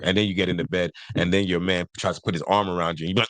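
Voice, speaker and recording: Young man, casual co-host, emphatic, low voice, dry close sound. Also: fairly even intonation, racing, hardly any pauses, fairly bright tone, dry recording. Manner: emphatic, acts out quoted voices. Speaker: podcast co-host. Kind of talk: casual chat.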